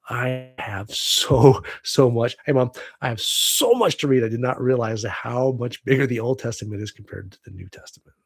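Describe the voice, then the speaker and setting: Gravelly, husky American man rambling. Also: fairly low pitch, no echo. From United States. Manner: rambling, swears freely, laughs often. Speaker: livestream host. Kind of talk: casual livestream chat. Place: home. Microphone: webcam.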